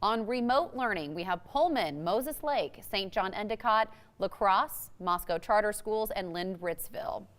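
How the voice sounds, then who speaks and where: A woman anchoring morning TV news, reading updates and school closures in a brisk, friendly way. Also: mid-range voice, expressive.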